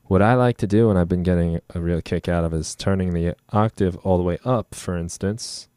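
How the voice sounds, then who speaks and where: Low-voiced man demoing synth sounds. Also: fairly quick, clear, resonant tone, dry recording, clean studio sound. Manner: relaxed, explains while tweaking knobs, frequent ums. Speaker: music production tutor. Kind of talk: casual screen-recorded software tutorial. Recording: loud instrument demos behind the voice. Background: loud synth and trumpet sounds playing.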